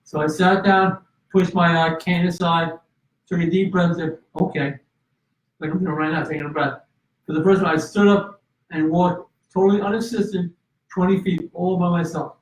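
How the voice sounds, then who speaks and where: As an interview guest, a man recounts something personal in an earnest way, restarting sentences and using fillers. His voice is high-pitched with fairly even intonation at a normal speed, captured in a roomy, distant, slightly dull recording.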